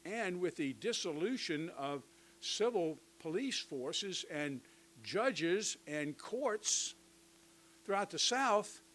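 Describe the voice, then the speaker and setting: An older man giving a conversational history lecture to teachers, with lively asides and touches of humor. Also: high-pitched, slow, rough recording. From United States.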